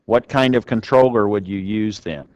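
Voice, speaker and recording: A man lecturing a class, with a smooth, clear voice recorded dry and close. He talks in an easy conversational way, often stopping to ask the students questions. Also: on the low side, normal speed, darkish tone, no echo, highs cut off. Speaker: university lecturer. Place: lecture room.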